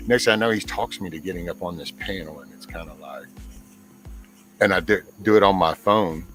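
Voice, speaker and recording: A man's voice: low-pitched, fairly quick, fairly bright tone, faint music behind, rough recording. A middle-aged man as a guest on a casual livestream panel, telling a long story in an earnest, rambling way with many restarts. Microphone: camera mic.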